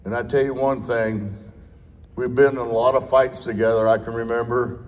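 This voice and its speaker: A man's voice: medium pitch, fairly even intonation, moderate pace. An older man giving a blunt, folksy, off-the-cuff speech at a veterans' dinner, with salty language. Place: large dinner hall. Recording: long hall reverb.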